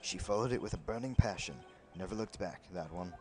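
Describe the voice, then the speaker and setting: A man doing a pompous old lawyer clearing his throat. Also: deep voice, brisk, darkish tone, faint music behind, close to an everyday voice. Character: pompous older male lawyer.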